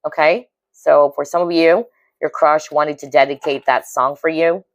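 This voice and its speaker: A woman's voice that sits low, with a steady tone at normal speed, leads a pick-a-card tarot reading; the highs are cut off. She is earnest and intuitive, emotionally moved and empathic, often pausing to ask her viewers "okay?"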